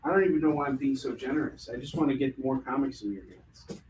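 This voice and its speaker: A man's voice: medium pitch, fast, a little mellow, a little hiss or hum. A man running a live comic book sale, full of puns and jokey sales patter.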